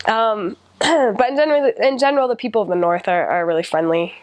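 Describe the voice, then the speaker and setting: A woman's voice: on the high side, brisk, no room sound. A young American woman, a returned missionary, recalling her time abroad in casual chat, with many ums and restarts. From United States. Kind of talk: casual personal recollection.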